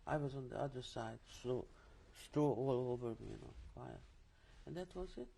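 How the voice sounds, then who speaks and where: Older woman, mellow voice. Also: rumbling low, lively intonation, moderate pace, creaky, husky. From Czechoslovakia. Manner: vivid storytelling with restarts and asides. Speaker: interviewee, Holocaust survivor. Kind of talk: oral history testimony.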